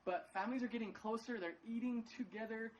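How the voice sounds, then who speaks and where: A man's voice: sits high, quick pace, lo-fi sound, slight background noise. A man preaching a casual livestream sermon from his living room, chatty and upbeat, with many fillers and restarts, acting out quoted lines in playful voices. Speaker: pastor.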